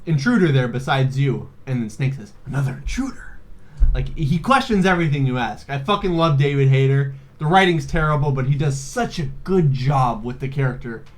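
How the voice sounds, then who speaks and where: A man's voice: medium pitch, lively intonation, a little fast, hardly any pauses. Rambling, foul-mouthed young man. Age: 20s. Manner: rambling, profane, laughing, many fillers. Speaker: video host. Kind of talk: casual comedic game recap.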